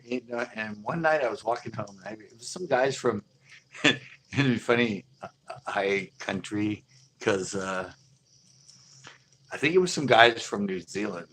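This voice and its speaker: A man's voice: fairly low pitch, fairly bright tone, a little hiss or hum. A man hosting a live stream, telling a story in a rambling, loose way with frequent laughter. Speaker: fishing channel host.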